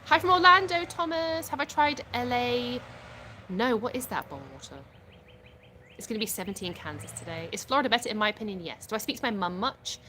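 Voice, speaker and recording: A woman's voice: medium pitch, animated, fairly quick, a bit bright, slight background noise. Chatty British woman reading live comments. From United Kingdom. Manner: frank, chatty, laughs often, reads comments aloud and replies. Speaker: livestream host answering viewer comments. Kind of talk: casual live chat. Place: at home.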